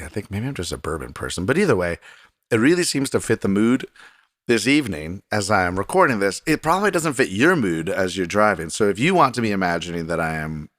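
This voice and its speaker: Guy with a real low voice rambling on his podcast at his home desk, pokes fun at himself, dead dry sound. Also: a bit bright, no room sound. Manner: rambling and self-deprecating. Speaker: podcast host. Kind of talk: casual solo podcast monologue. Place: desk in a home recording room.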